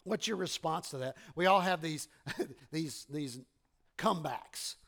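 A man's voice: fairly high pitch, a little slow, creaky, a bit bright. A man with a Southern US accent, a pastor preaching a sermon in a conversational, self-deprecating way, often restarting his words and quoting everyday exchanges. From American South.

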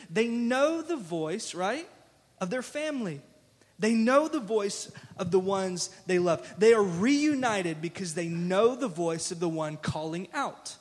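A man's voice: high-pitched, lively intonation, measured pace, big-room sound. A man preaching a sermon as pastor, talking conversationally and speaking directly to his congregation in a church. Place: church sanctuary.

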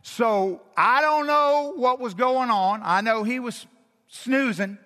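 High-pitched, slow-preaching male pastor. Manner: animated, acts out quotes with sudden swings in pitch and loudness. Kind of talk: sermon. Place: church sanctuary. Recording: long hall reverb.

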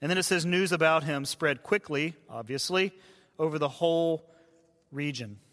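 A man who is a pastor, preaching a sermon in a conversational way and dropping to hushed tones for quoted voices. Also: a little high, normal speed. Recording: long hall reverb.

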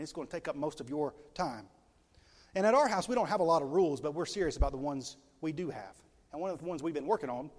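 A man delivers a sermon from the pulpit of a large church, his somewhat high voice carrying long reverb through the hall. He preaches emphatically and slows right down to lean on the words that matter. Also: a little mellow. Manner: emphatic preaching, stretching key words slowly for weight. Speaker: pastor.

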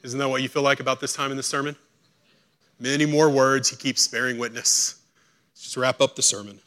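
A man preaching a sermon as pastor, acting out quotes and swinging between hushed, slow lines and loud, urgent ones. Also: medium pitch, little pitch movement.

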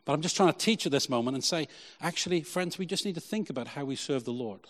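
A man preaching a lively sermon as pastor, then leading a prayer with many repeats of "Lord". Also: on the high side, quick pace. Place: church hall. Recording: long church hall reverb.

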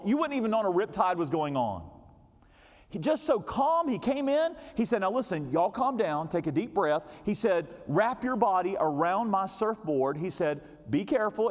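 High-voiced preacher in a big hall. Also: male voice. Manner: dramatic, swings from loud shouts to low quiet asides. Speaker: pastor. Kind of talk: sermon storytelling. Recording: long hall reverb.

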